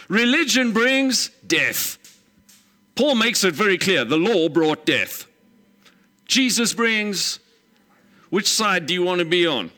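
Male pastor, bright ringing voice, slightly high, emphatic, animated storyteller. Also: slow pace, long pauses. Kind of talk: sermon.

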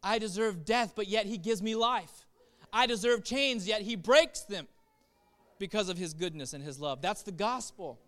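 A man preaching a sermon as pastor, impassioned, swinging between soft reflective passages and loud urging. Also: high-pitched, normal speed.

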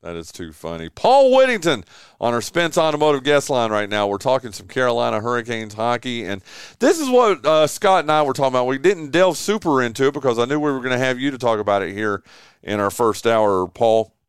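A man's voice: medium pitch, brisk, clean tone, dry recording, studio quality. A man hosting a sports radio show from his home man cave, chatting casually and joking with a guest. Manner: animated, joking, lots of fillers and restarts.

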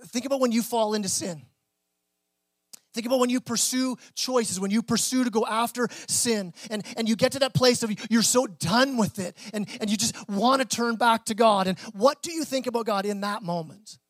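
A man's voice: very high voice, moderate pace, dry recording. A man pastor preaching a sermon in a conversational way, with small restarts.

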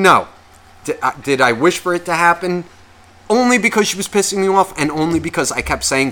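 Male podcast co-host, bright edgy tone, profane and animated in casual chat. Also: fairly high pitch, fairly quick.

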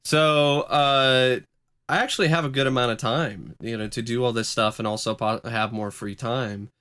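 A young college student co-hosting a podcast, rambling and hesitant, often correcting himself. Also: male voice, mid-range voice, fairly even intonation, moderate pace, pushed and bright, clean tone. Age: young adult. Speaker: podcast co-host. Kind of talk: casual chat.

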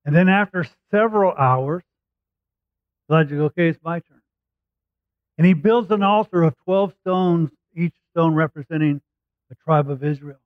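A man preaching, his voice sitting a little high. He retells a scripture story conversationally and acts out the quotes. The sound is tinny, like a phone line, and dry. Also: normal speed, pauses often, dry recording. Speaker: pastor. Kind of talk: sermon storytelling.

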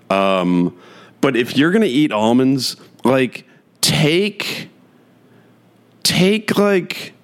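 A man hosting a podcast, chatting casually and rambling with lots of fillers and frequent chuckles. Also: mid-range voice. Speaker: podcast host. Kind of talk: casual solo podcast chat.

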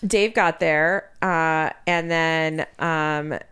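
A woman's voice: low voice, very slow, smooth. A woman in her thirties, a podcast co-host, telling a story in casual chat and acting out what others said. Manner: animated storytelling, quotes others.

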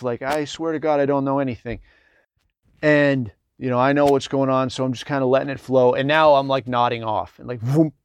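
A man's voice: mid-range voice, no echo. A middle-aged man, a military veteran, telling rambling, digressive stories in a casual, conversational way full of fillers. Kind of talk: casual anecdotal storytelling.

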